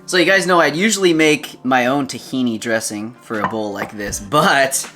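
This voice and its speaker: Faint music plays behind a man of medium pitch and normal speed who hosts a casual food vlog. Chatty and relaxed, he talks to the camera as he cooks and tastes, laughing often.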